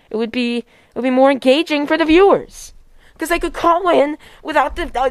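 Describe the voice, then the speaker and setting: A woman's voice: high voice, no echo. A woman playing a prudish fifteen-year-old Mormon boy who hosts a call-in podcast, flustered and scolding his callers. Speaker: host of a call-in show. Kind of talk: comedy skit.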